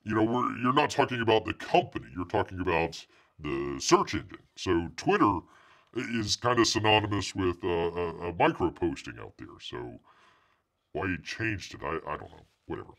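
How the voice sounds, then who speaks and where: A man's voice: deep voice, sing-song, moderate pace, gravelly, a bit bright. A middle-aged man hosting a live comics news stream, chatting casually and sarcastically in a rambling way. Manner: sarcastic, rambling, refers to himself as Bear. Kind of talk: casual livestream chat.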